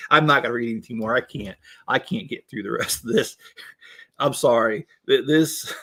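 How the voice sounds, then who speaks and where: A man chatting casually on a livestream as he builds, in a voice of ordinary middle pitch. His talk rambles, full of ums and restarts, and he often breaks into laughter. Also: moderate pace, sharp tone, breathy edge. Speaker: livestream host building Lego.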